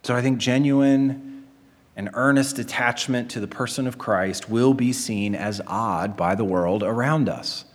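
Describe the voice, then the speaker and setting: A man's voice: mid-range voice, unhurried. A man preaching a sermon in an earnest, emphatic way, asking rhetorical questions and answering them. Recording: long hall reverb.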